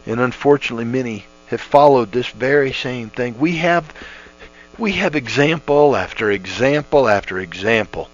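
A middle-aged man teaching scripture over the radio in a folksy, earnest way, his pitch rising and falling freely as he restarts his sentences. The sound is dull and lo-fi, with a faint mains hum underneath. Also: lively intonation, normal speed. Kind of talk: conversational radio Bible teaching.

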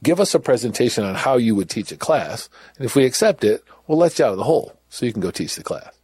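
A man's voice: medium pitch, sing-song, quick pace, darkish tone, husky, no room sound. A middle-aged man who was once in prison, telling his story bluntly and candidly. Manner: candid, blunt, with laughs and restarts. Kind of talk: personal storytelling.

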